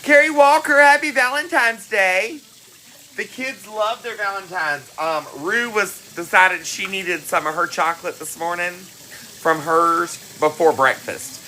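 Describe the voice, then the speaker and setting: A woman's voice: medium pitch, unhurried, pushed and bright, a little hiss or hum, rough recording. A woman hosting a cooking livestream, greeting viewers by name in a chatty, affectionate way. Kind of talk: casual live-stream chat. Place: home kitchen.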